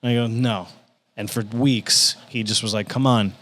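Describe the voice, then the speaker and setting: This man is a stand-up comic appearing as a podcast guest, telling casual stories at a normal pace in a lowish voice. He's animated, acting out the people he quotes and swearing as he does.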